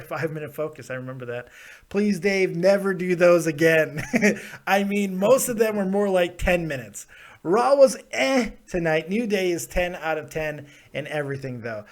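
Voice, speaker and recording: A man hosting a live call-in show, talking in a loud, blunt and profane way and laughing often. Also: sits high, normal speed. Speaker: host of a wrestling call-in show. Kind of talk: casual live call-in chat.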